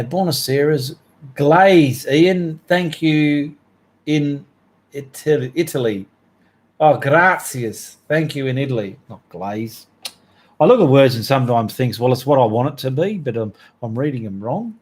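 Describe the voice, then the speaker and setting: A man with an Australian accent hosting a casual art livestream, reading out viewer comments and thanking them in a chatty, cheerful way. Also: fairly high pitch. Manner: chatty, cheerful, reads names aloud and drawls thanks.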